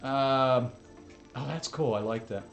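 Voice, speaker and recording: A mid-pitched American man hosting his own channel, keeping up a loose, rambling running commentary full of small asides. His voice is ordinary and unforced, with faint music playing underneath. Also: slow, gravelly. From United States. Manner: chatty, rambling asides with laughs. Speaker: channel host. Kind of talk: casual reaction commentary.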